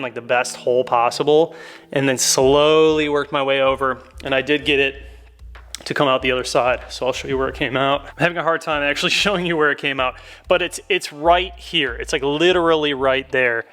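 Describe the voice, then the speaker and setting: A man's voice: mid-range voice, fairly bright tone. A man hosting a casual how-to, talking viewers through each step in a chatty, upbeat way. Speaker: car mod tutorial host.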